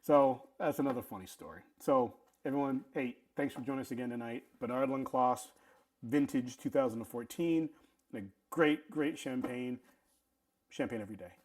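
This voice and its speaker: A middle-aged man telling a casual story, animated, often stammering and restarting his sentences. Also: medium pitch, normal speed. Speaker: vlog host telling a story.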